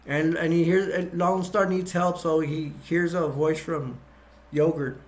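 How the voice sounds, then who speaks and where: A movie reviewer with a slightly high voice recounts film scenes one by one in a casual, level, unhurried way. He rambles, restarts often, and fills his speech with fillers.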